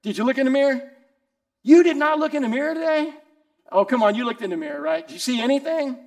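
A man's voice: very high-pitched, animated, quick pace, a little mellow. A man, preaching a casual sermon, teasing his listeners and asking them questions. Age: 60s. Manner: teasing, conversational, asks the group questions. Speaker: pastor. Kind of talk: casual sermon to a small group.

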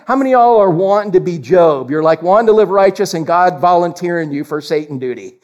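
A man preaching a sermon in an animated, folksy way, laughing often. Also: high voice, quick pace, few pauses.

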